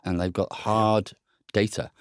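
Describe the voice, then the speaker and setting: A man's voice: lowish voice, flat delivery, unhurried, smooth, no echo, studio quality. A man co-hosting a podcast, speaking in blunt, teasing casual chat. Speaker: podcast co-host.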